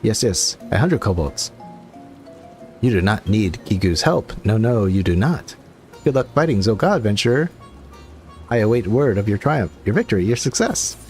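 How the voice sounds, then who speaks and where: A man's voice: fairly low pitch, big pitch swings, moderate pace, a little mellow, soft background music. A man voicing a timid, wailing male kobold who repeats his words in frantic strings of three. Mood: pleading.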